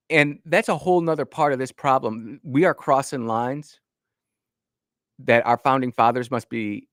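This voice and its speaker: A man's voice: medium pitch, dry recording. Emphatic male talk radio host, dry studio. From Northern Illinois. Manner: folksy, emphatic, frequent restarts. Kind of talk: political talk radio commentary.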